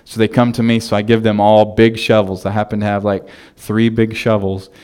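A pastor in his thirties preaches a sermon, telling stories in a relaxed, conversational way and frequently restarting his sentences. His smooth voice sits on the low side and moves a little fast.

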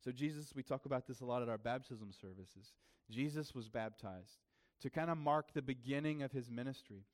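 A man's voice: mid-range voice, fairly quick. A man preaching a sermon as pastor, in a casual, conversational way with frequent fillers and restarts.

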